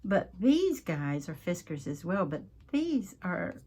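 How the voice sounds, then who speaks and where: A woman with a Southern American accent chats unhurriedly while she crafts at a desk. Her voice sits low and sounds somewhat husky, and she often clears her throat. She talks in a homey, rambling way and drifts easily from one subject to the next. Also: very animated, slow pace, a little mellow. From Southern United States. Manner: chatty, homey, drifts off topic mid-craft. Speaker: crafting channel host. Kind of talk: casual craft-along chat.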